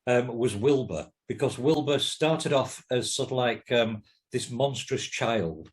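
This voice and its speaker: A man's voice: mid-range voice, lively intonation, measured pace. A man co-hosting a podcast, talking in an easygoing way and asking the others questions. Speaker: podcast co-host. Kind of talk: casual chat.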